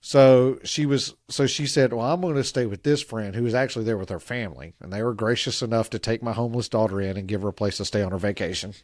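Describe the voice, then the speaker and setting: A middle-aged man co-hosting a podcast, telling stories in an animated way and getting louder when he quotes himself. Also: on the low side, fast talker, hardly any pauses, no room sound, studio quality. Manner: animated, gets loud when quoting himself. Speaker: podcast co-host. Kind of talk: casual storytelling chat.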